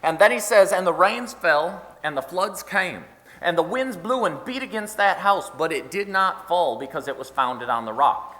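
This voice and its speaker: A man delivers an earnest, conversational sermon, his voice bright and fairly high for a man. The sound rings with the long reverb of a church hall. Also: expressive, moderate pace. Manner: earnest, conversational preaching with scripture quotes. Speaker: pastor. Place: church sanctuary.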